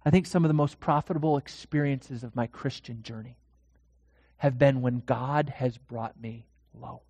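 A pastor delivering a dramatic sermon in a church, swinging from hushed to loud. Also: medium pitch, normal speed, no room sound, big-room sound.

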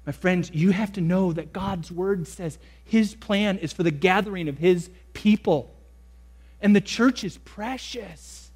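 A young man preaching a sermon as pastor, emphatic, slowing down to stress key words and speeding through asides. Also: sits high, darkish tone.

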